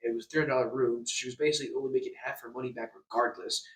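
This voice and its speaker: A man's voice: mid-range voice, fairly even intonation, rapid-fire, fairly bright tone. A young man in a hotel room telling an angry storytime rant, stammering, repeating words and swearing a lot. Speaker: vlogger. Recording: echoey room, distant mic.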